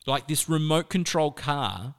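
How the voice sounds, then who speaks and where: An Australian man telling a personal story in a chatty, animated way, with lots of "like" fillers. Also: on the high side, a little slow, smooth.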